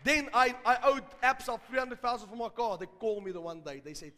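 High-voiced South African preacher. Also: male voice, fairly quick, big-room sound. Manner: storytelling, builds to loud emphatic preaching. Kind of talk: sermon.

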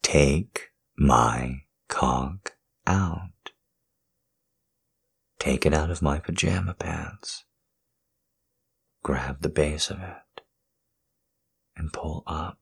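A man in a whispered role-play, speaking in a slow, intimate, coaxing murmur that moves between whispers and a low voice. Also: vocal fry, slightly rough. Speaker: audio role-play performer.

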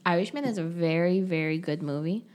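Young female co-host, lowish voice, blunt and frank in casual chat. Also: a little fast, darkish tone. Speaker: podcast co-host.

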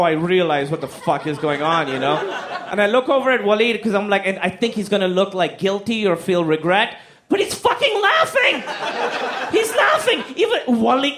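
A man telling a stand-up comedy story, animated and profane, acting out the people in it with silly voices. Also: high-pitched. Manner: animated, acts out quotes in silly voices, swears freely.

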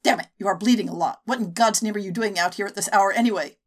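A woman's voice: medium pitch, fast, lightly acted. A woman voicing a brash young woman rescuer who swears and scolds impatiently, in an audiobook story. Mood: incredulous.

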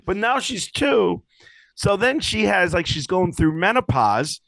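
A young man telling rambling, animated stories in casual podcast chat, swearing freely. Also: high voice, unhurried, vocal fry, no echo, low-quality recording. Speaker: podcast co-host.

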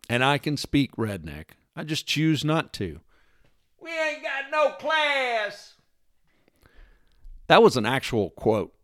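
A man's voice: medium pitch, no echo, clean studio sound. A man delivering an opinion monologue, emphatic and sarcastic, lecturing with rhetorical questions. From United States. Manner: mimics accents in quoted lines. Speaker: commentator.

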